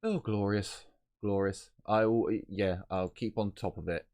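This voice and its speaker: A man narrating a tabletop role-playing game from a home setup, his voice very low and deep. He talks in a halting way, often restarting sentences and filling gaps with "um". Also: steady tone, a little mellow. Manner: halting, with many fillers and restarts. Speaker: game master.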